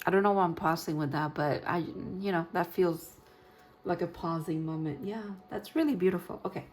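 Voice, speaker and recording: Soft-spoken woman giving a tarot reading. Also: on the low side, brisk, soft background music. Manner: gentle, reassuring, rambling with restarts. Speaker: tarot reader. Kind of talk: pick-a-card tarot reading.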